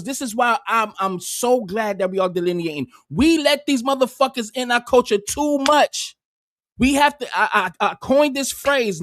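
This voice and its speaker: A man's voice: high-pitched, a bit bright, no echo, studio quality. A man doing casual livestream commentary, heated and profane, rambling with frequent restarts.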